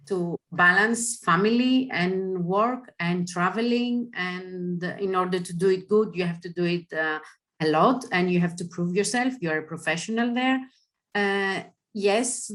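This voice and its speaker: Greek-accented woman, pausing to think. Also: on the low side, fairly bright tone. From Greece. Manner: thoughtful, with frequent "uh" pauses. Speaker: panelist. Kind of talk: panel discussion.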